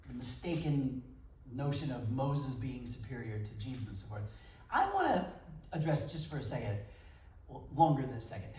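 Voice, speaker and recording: A man preaching a sermon as pastor, folksy and animated, acting out the quotes he tells. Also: mid-range voice. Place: church service in a gym. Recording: echoey room from far off.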